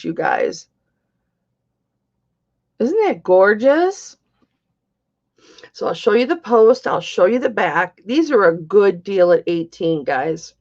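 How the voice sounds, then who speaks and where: Slow, chatty woman selling jewelry. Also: medium pitch, expressive, gravelly, a little mellow. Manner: chatty, speaks to viewers by name. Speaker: live-stream jewelry seller. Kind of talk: chatty live-stream sales talk. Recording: dull lo-fi stream audio.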